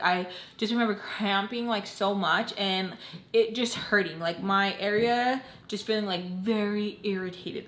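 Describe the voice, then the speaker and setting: A young woman with a medium-pitched, slightly bright voice tells a personal story in casual vlogger style. She chats directly to "you guys," leans heavily on "like," and drops in Spanish words. The room sounds echoey.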